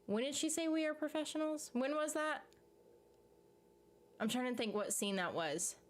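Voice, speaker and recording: A woman's voice: sits high, animated, moderate pace. A woman casually chatting on a live stream, reading viewer comments aloud and rambling through her reactions with frequent laughs. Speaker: YouTube streamer reading chat. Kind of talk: casual live-stream chat about a TV series.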